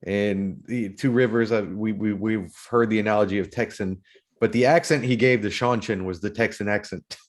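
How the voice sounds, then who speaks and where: A man's voice: lowish voice, fairly even intonation, normal speed. A man co-hosting a podcast, discussing a book series casually and making his points emphatically, repeating phrases. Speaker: podcast co-host.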